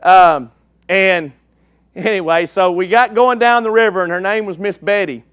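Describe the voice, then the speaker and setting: This sermon comes from an East Texas man who jokes with the congregation in a folksy way, using a slide show and checking in with "okay?". His voice is high-pitched, a bit bright and clean, at normal speed with no echo.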